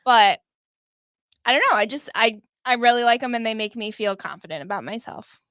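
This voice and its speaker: A woman's voice: a little high, lively intonation, brisk, fairly bright tone, dry recording, clean studio sound. A woman co-hosting a live-stream chat, talking casually, laughing often and thinking aloud with hesitations. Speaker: co-host.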